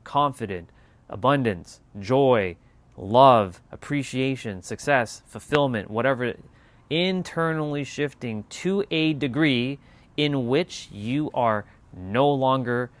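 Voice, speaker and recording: Man, livestream host, casual motivational monologue, emphatic, repetitive, swears casually, medium pitch. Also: slow pace, no echo. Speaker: channel host.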